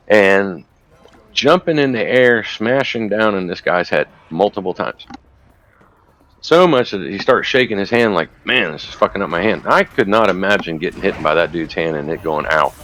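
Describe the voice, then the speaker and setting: A man's voice: lowish voice, animated, moderate pace, fairly bright tone. A man casually retelling a story while gaming, rambling and profane. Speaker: gamer recounting a news video.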